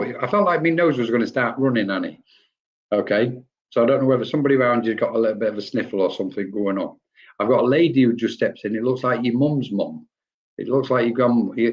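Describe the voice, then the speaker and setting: A chatty man talks through spirit readings on a live stream. He rambles, greets viewers by name and laughs easily, and his voice sits at an ordinary middle pitch. The audio is slightly dull and lo-fi. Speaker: medium giving spirit readings.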